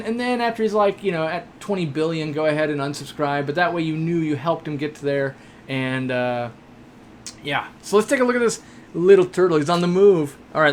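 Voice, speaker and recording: A man's voice: a little high, slight background noise. Chatty young man hosting a live stream. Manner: chatty, joking, rambling with many fillers. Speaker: host of an aquarium shop live stream. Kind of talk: casual live-stream chat, reading viewer questions.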